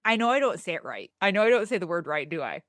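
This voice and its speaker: Excitable Michigan woman hosting a podcast. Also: lowish voice, rapid-fire, no echo, studio quality. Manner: gushing, excitable, lots of "like". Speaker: podcast host. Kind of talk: casual podcast chat.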